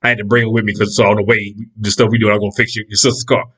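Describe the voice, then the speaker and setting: A man voicing a laid-back, slow male car mechanic who talks in a low, unbothered drawl. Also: level tone, fairly bright tone, breathy edge. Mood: nonchalant.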